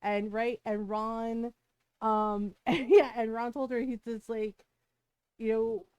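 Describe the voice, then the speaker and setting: A woman's voice: fairly high pitch, little pitch movement, slow pace, clean tone, dry recording, highs cut off. A woman streamer chatting casually at home, rambling and swearing, with frequent fillers and tag questions. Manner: rambling, profane, with frequent "like" and "right?". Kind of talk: casual chat.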